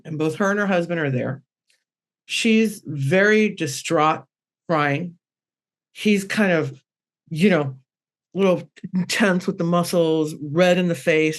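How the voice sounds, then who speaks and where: A middle-aged woman, a guest medium, telling personal stories on a podcast in a lively way and acting out the dialogue. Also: sits low. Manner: animated, acts out the dialogue in her stories.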